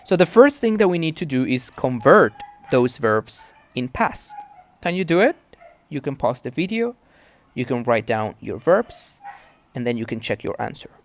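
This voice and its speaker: A woman with a bass voice and big pitch swings speaks at normal speed in a recorded English lesson. She patiently explains grammar and pronunciation step by step, checking in with the learner along the way.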